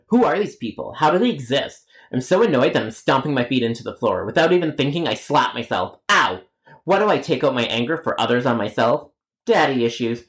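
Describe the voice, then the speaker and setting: A man's voice: mid-range voice, animated, fairly quick. A young man narrating comic storytime tales from his call center job in a sarcastic, exasperated way with crude jokes. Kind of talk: comedic animated storytime narration.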